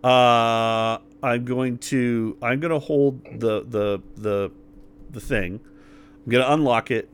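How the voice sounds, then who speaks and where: A man's voice: mid-range voice, fairly even intonation, slow pace, clear, resonant tone. Brash, swearing male player. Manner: brash, swearing, stumbling restarts. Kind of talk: casual tabletop play.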